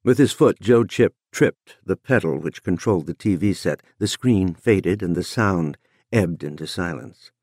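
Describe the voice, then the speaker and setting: A man narrating an audiobook in a measured, expressive reading. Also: deep voice, no room sound, clean studio sound. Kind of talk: scripted narration.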